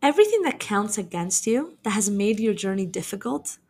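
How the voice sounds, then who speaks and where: A woman's voice: mid-range voice, sing-song, a little fast, a little mellow. A young adult woman hosting a podcast as a dating coach and matchmaker. She speaks in a casual, conversational way, telling stories and using many fillers like "you know". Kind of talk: casual advice monologue with storytelling.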